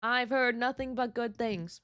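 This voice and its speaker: A woman's voice: on the high side, steady tone, measured pace, a bit bright. A woman streamer chatting casually with her viewers, candid and emotional, swearing freely and mocking herself. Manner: reads and answers viewer chat. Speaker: VTuber streamer. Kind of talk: casual live-stream chat.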